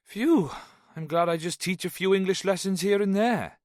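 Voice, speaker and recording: Casting: a man playing a boozy fifty-something Welshman, high and lilting, in a dry booth. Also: darkish tone, dry recording, close to an everyday voice. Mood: jovial. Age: 50s. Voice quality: lilting, slow after drinks. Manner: hearty, chatty.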